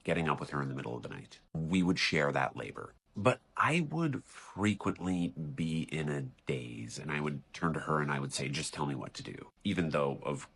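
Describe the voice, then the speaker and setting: Very deep husky man, earnest confession. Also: animated, moderate pace, few pauses, a bit bright. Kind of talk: reflective personal story.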